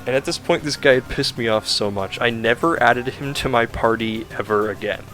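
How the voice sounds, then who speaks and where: A man's voice: mid-range voice, brisk, fairly bright tone, soft background music. A man giving a casual, rambling game review, ranting in an exasperated, sarcastic way with lots of fillers.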